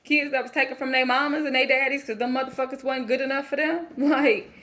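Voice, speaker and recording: A woman's voice: high-pitched, fairly even intonation, fast talker, fairly bright tone. A woman speaking as a bitter, racist stepfather who drives a truck, ranting in profane street talk. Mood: scheming. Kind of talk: channeled monologue in character.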